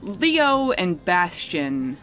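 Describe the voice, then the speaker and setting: A man's voice: high-pitched, big pitch swings, drawn-out words, a bit bright. A man narrating a tabletop game as game master, casual and rambling, swearing freely.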